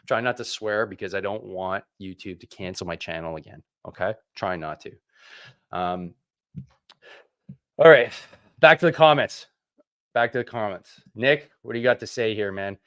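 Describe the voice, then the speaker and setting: Male livestream host, animated, sarcastic, talks like he's venting to friends. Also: fairly low pitch, a little slow, pauses often, clear, resonant tone. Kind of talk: casual livestream chat.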